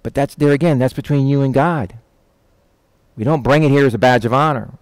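A middle-aged male pastor gives a casual, folksy sermon, speaking directly and plainly to the listeners. The sound is close and dry, with no room echo. His pitch sits in an ordinary middle range for a man. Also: fairly quick, clear, resonant tone. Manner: folksy, direct, acts out voices of disciples with a raised pitch. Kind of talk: conversational sermon with Bible reading.

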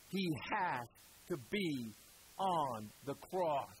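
A man preaching a sermon, pausing for effect and repeating phrases for emphasis. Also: on the high side, animated, slight background noise, poor audio.

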